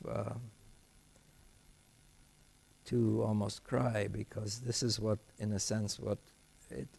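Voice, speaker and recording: A man's voice: fairly low pitch, gravelly, darkish tone. An older man giving an academic lecture, thoughtful and digressive, often restarting his sentences. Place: lecture hall.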